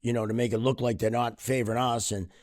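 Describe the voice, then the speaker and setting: A man's voice: medium pitch, little pitch movement, fast, a little mellow, no echo. Dry-sounding man, easygoing podcast co-host. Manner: conversational, plays devil's advocate. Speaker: hockey official and podcast co-host. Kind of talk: casual podcast chat.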